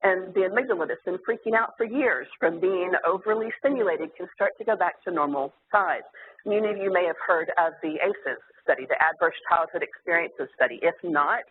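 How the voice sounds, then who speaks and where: Earnest therapist lecturing, mid pitch, thin phone-like audio with faint hiss. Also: a little fast. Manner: earnest and explanatory, with fillers. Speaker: therapist giving a talk to clinicians.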